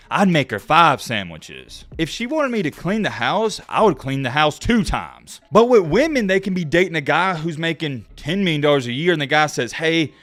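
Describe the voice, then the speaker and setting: A young man hosting his own channel, ranting brashly and provocatively straight to camera. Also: a bit bright. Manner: brash and provocative, mocking women in a high whiny voice. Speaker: YouTube channel host.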